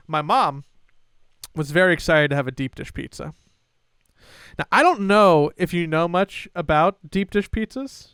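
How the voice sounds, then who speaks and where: A young podcast co-host tells a story in a fairly high, smooth, resonant voice at normal speed. He's casual and animated, slipping into the voices of family members in his tale. The recording is close and dry, with no room sound.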